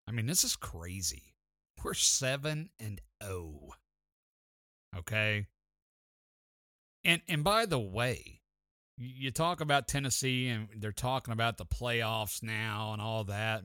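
A man hosting a sports talk show, telling stories in an excited, chatty way. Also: medium pitch, dry recording, clean studio sound. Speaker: sports podcast host. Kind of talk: casual sports talk storytelling.

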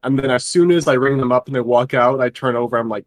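Speaking fast in a mid-range voice with no room sound, a young man co-hosting a podcast rambles through a casual chat full of fillers.

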